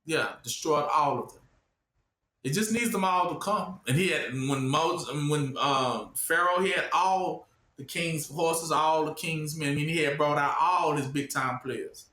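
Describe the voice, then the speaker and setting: A man preaching informally, often pausing with "what?" for listeners to finish his sentences. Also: a little high, sharp tone, roomy sound. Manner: asks the audience to fill in the word with "what?".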